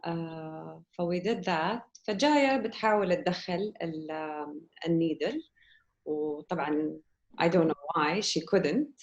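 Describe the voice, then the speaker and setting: A woman guest on a podcast telling a personal story in lively conversation and acting out the dialogue as she goes. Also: sits low, fairly quick, lo-fi sound. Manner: animated, acts out quoted dialogue.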